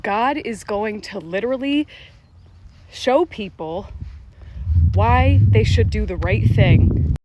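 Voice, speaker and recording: A woman TikTok creator in a casual vlog monologue, talking fast and emphatically, swearing often and leaning on "literally" and "like.". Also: medium pitch, lively intonation, dark tone, dull audio, slight background noise. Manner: fast, profane, emphatic, heavy use of "literally" and "like".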